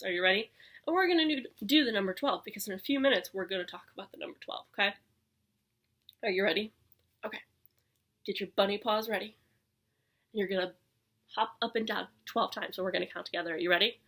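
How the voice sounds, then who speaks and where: A young woman leading a preschool circle time lesson from home, with an animated sing-song manner that often drops to a soft whisper. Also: mid-range voice. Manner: animated sing-song teacher voice with gasps and drawn-out words. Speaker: preschool teacher.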